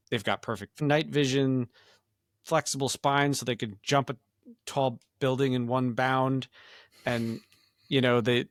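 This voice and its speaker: A man's voice: mid-range voice, no echo, clean studio sound. A man co-hosting a casual podcast, rambling with lots of filler words and casual swearing. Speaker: podcast co-host. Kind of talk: casual chat.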